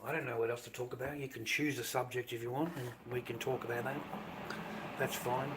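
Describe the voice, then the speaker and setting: A man's voice: medium pitch, little pitch movement, a little fast, background noise. An Australian man ranting casually on his live stream, profane, rambling and dismissive.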